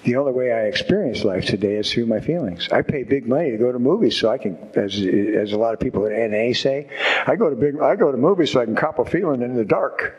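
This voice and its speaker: A man with a husky voice and a middle-pitched tone shares his story with a recovery group. He speaks openly and reflectively, with touches of wry humor. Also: quick pace, darkish tone, muffled recording. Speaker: speaker sharing at a recovery meeting. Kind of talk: personal testimony to a group.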